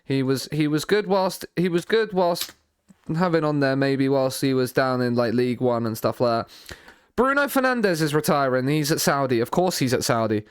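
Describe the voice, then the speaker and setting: A man streaming a football management game, thinking out loud in a rambling way, often repeating and restarting his words, with dry sarcastic asides. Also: medium pitch, very animated, normal speed, clear, resonant tone, no room sound. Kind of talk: live stream commentary while playing a football manager game.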